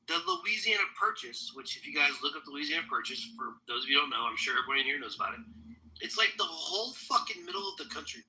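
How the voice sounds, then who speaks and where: Profane, animated male podcast host. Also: fairly high pitch, quick pace, slight background noise, poor audio. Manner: profane, emphatic, rambling. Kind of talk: casual political chat.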